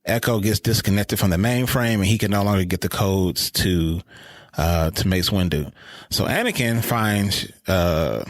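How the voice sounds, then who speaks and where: Low-voiced man recapping with a laugh. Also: a little slow, no echo. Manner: animated, recaps scenes, laughs often. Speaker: podcast co-host. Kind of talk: casual chat.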